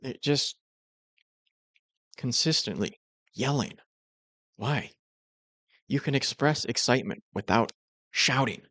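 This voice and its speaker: A man's voice: mid-range voice, takes it slowly, long pauses, pushed and bright, no echo. A man giving dry, critical and sarcastic commentary over reaction clips. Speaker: commentary host.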